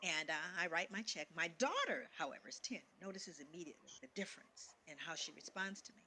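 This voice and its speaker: A middle-aged woman telling a personal story in an animated way, acting out the people in it. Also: sits low, fast talker, a little hiss or hum. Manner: animated, acts out quoted voices, laughs between lines. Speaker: guest speaker sharing a personal story. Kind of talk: storytelling talk.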